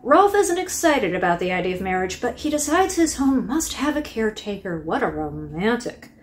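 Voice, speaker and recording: A woman's voice: medium pitch, big pitch swings, normal speed. A woman hosting a casual book review, chatty and wry, with laughing asides.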